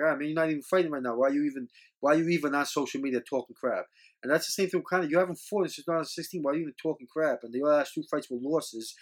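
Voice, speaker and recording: Male podcast host, slightly high voice, loose and rambling, earnest and critical. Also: a bit bright. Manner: rambling, repeats words, scolding and earnest. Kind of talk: casual opinion monologue.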